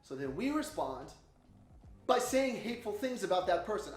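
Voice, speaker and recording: A man preaching a sermon series intro, animated and loud when he acts out his own reactions. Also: high-pitched, moderate pace, echoey room, soft background music.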